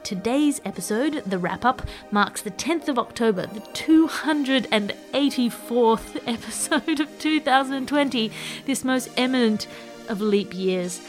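A woman's voice: a little high, unhurried, soft background music. Dry-witted woman hosting a comedy podcast. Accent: Australian. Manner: dry, playful, self-mocking. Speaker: podcast host. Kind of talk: scripted comedic roundup narration.

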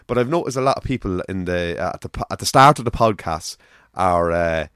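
A man's voice: low voice, lively intonation, brisk, a bit bright, smooth, no room sound, studio quality. A man from Ireland with a Navan accent, chatting casually on a podcast and telling stories, swearing now and then. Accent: Navan, Irish. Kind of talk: casual chat.

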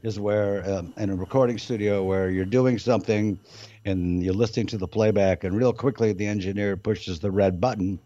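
An older man as a musician guest, telling a long, rambling story with many halting fillers. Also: lowish voice, steady tone, dark tone, dry recording. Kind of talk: casual storytelling interview. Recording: dull, muffled lo-fi sound.

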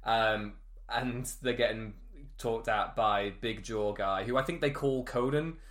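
A man co-hosting a film podcast in casual chat, animated and laughing often as he recounts scenes. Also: lowish voice, unhurried. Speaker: podcast co-host.

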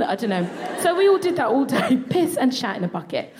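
A woman co-hosting a comedy podcast, telling a comic story before a live audience in an animated, expletive-laden way. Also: sits high, fast talker, few pauses, a crowd in the background. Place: live venue stage. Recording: live audience and background noise.

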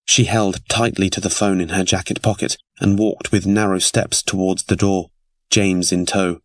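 Low-voiced male narrator. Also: little pitch movement, moderate pace, no echo. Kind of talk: scripted audiobook narration.

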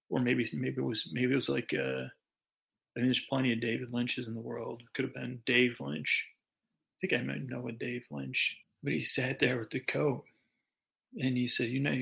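A man's voice: mid-range voice, fairly bright tone. A man hosting a podcast, telling a meandering improvised bedtime story full of asides and restarts. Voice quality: gravelly.

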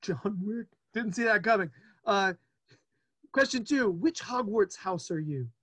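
A man in his forties hosting a casual interview, playful and chatty, with quick asides. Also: sits high, lively intonation, a bit bright. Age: 40s. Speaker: podcast host.

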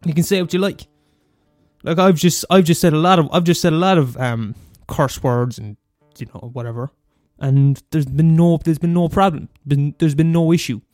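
A young Irish man ranting profanely on his podcast, talking fast and mumbling. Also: on the high side, fairly even intonation, darkish tone, no echo, clean studio sound, soft background music. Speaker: podcast host. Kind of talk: casual solo rant.

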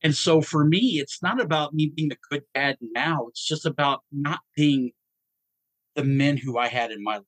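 Halting, subdued man. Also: a bit bright, no echo, rough recording. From Georgia, US. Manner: halting, stammering restarts, low and subdued. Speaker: guest dad. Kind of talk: personal story in a podcast interview.

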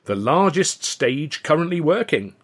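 A man reading the lines of a friendly, long-suffering old company manager in a storybook, brisk and chummy. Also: on the high side, big pitch swings, pitched above the performer's own voice. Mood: cheerful. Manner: brisk and chummy, sighing at the boss.

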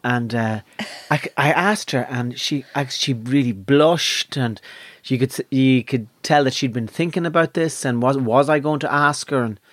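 A man's voice: mid-range voice, moderate pace, few pauses, a bit bright, dry recording. An Irish man telling a long personal story in casual chat, rambling and earthy, swearing freely and poking fun at himself. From Ireland.

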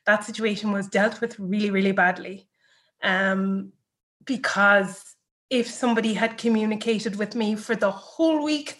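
A woman's voice: medium pitch, fairly bright tone. Candid woman recounting a personal story. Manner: candid, reflective, with many fillers and restarts. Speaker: interview guest.

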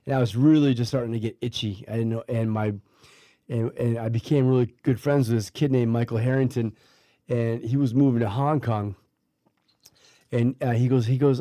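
A man's voice: mid-range voice, mellow, no echo, studio quality. Rambling man telling a story. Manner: rambling, many restarts and fillers, acts out quoted voices. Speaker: guest telling a life story. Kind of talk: casual storytelling.

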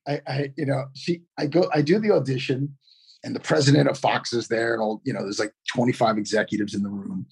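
A middle-aged man, an actor guest, telling a story in a casual, animated way, full of "you know" fillers. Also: medium pitch, a little fast, gravelly, breathy edge.

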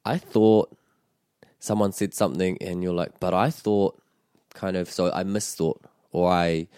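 Low, mellow-voiced New man teaching. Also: fairly even intonation, a little slow, clear, resonant tone, no echo, studio quality. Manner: patient, explains grammar and models pronunciation. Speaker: te reo Māori teacher. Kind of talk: language lesson explaining phrases.

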